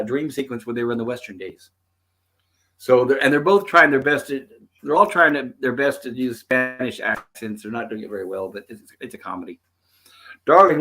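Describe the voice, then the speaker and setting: A man's voice: mid-range voice, sharp tone. Man hosting a casual show. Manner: retells scenes, quoting the characters' lines. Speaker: host. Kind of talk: casual episode commentary.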